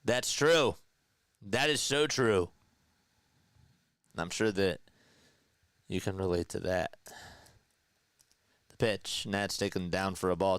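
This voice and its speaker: Chatty male stream host calling pitches between viewer shout-outs, smooth and resonant, dry sound. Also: slow pace, long pauses, no room sound. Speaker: livestream play-by-play host. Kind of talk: casual live play-by-play with chat reading.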